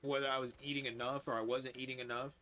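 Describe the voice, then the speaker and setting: A man's voice: mid-range voice, flat delivery, fast, bright, forceful tone. A man in his twenties chatting candidly and profanely while livestreaming a game, rambling with lots of fillers. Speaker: gaming streamer. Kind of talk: casual chat while livestreaming.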